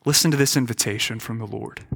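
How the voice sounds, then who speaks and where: A man's voice: medium pitch, fast talker, gravelly, fairly bright tone. A man preaching a sermon as a pastor, earnest and questioning, often repeating words as he stresses a point.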